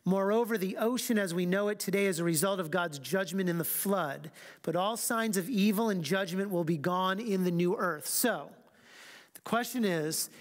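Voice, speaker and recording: A man teaching a church Bible class as pastor, reading scripture slowly and with emphasis, then talking quickly and casually. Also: sits high, long reverb tail.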